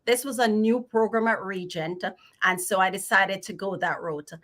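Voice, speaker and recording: A woman's voice: medium pitch, normal speed, fairly bright tone. A middle-aged woman from Jamaica with a Jamaican accent, a financial planner telling her story in a friendly way as a livestream guest. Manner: friendly storytelling, filler uhs. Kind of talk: casual livestream chat.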